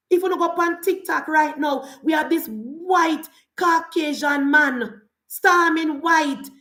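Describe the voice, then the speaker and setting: A woman's voice: sits high, fairly bright tone, reverberant. A Jamaican woman giving an emphatic political rant in patois-laced speech, repeating rhetorical refrains. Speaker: political commentator.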